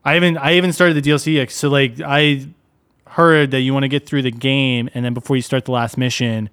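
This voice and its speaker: A man's voice: medium pitch, fairly quick, smooth. A young man co-hosting a podcast, chatting casually and rambling with lots of fillers. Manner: relaxed, rambling, lots of "like" and "dude". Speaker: podcast co-host. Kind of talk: casual chat.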